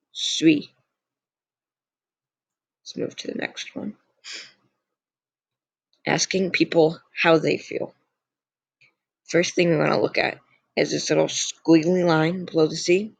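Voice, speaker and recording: A man's voice: fairly high pitch, gravelly, slightly rough, no echo. A young man teaching a beginner lesson from slides, patient and repetitive as he drills each word. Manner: slow, patient, repeats words for drill. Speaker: language teacher. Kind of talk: slide-based lesson narration.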